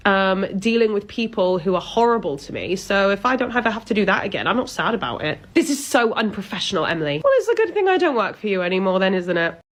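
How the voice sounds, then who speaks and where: A woman acting out a workplace comedy sketch with sarcastic, deadpan retorts. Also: mid-range voice. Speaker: comedy sketch creator playing both worker and boss.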